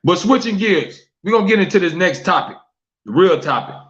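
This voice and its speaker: A man's voice: high-pitched, expressive, brisk, a bit bright, dull audio. A man hosting a live-streamed talk show, repeating questions to his viewers, reading their comments aloud and preaching about forgiveness.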